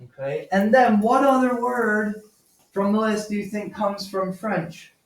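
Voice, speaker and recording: A man's voice: high voice, a little slow. A man teaching a German class, patiently explaining pronunciation and calling on students by name. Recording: roomy classroom from far off.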